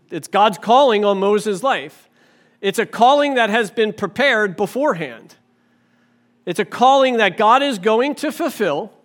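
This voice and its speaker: A man preaching to his congregation in a church. His voice sits high for a man. He talks in a relaxed, conversational way and pulls the listeners in with questions. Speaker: pastor. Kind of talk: sermon.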